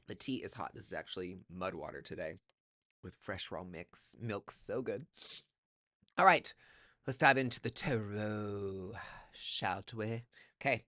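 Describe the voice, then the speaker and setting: A man's voice: fairly low pitch, unhurried, pauses often, sharp tone, dry recording, studio quality. A man giving a casual tarot reading, sassy and profane, calling the listener honey and giving an emphatic pep talk. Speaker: tarot reader.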